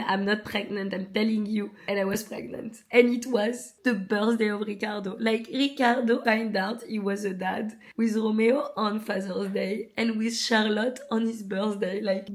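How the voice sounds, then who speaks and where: A woman, telling personal stories to camera in a chatty, animated way, full of likes and restarts. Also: a little high. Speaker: vlogger. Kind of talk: casual storytelling to camera.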